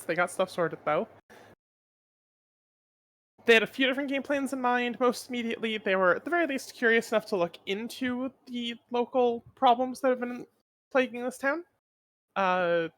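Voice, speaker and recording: A woman serving as game master, giving a relaxed, meandering recap of the last session. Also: on the high side, low-quality recording.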